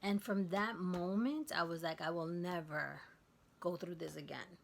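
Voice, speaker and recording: Low, gravelly woman telling a story. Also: a little slow. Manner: candid, emphatic retelling, drops to a hush at tense moments. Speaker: vlogger. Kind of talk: casual storytelling.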